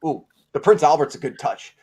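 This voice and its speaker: A man's voice: a little high, lively intonation, brisk, darkish tone, slight background noise. A young man telling crude stories as a podcast host, swearing constantly and stammering through restarts. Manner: profane, ranting, stammering restarts. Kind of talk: crude comedic storytelling.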